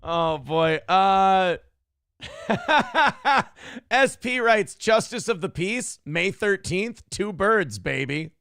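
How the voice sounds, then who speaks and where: A man's voice: high voice, animated, extremely slow, gravelly, fairly bright tone, clean tone, no echo, studio quality. A man hosting a live call-in show, reading viewer comments aloud in a profane, sarcastic, self-mocking way. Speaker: talk show host.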